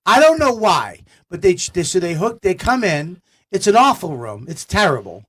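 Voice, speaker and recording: A middle-aged man, a comedian telling stories on a talk show, excitable and swearing a lot. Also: high-pitched, moderate pace, breathy edge. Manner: excitable, swears a lot, shouts in quoted outbursts. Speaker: guest comedian. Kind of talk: animated storytelling chat.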